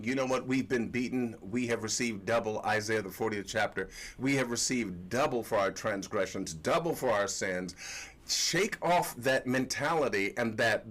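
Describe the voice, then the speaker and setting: A man's voice: medium pitch, a bit bright. Man teaching scripture in a chatty livestream. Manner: colloquial, repeats phrases, tells stories. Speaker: host and religious teacher.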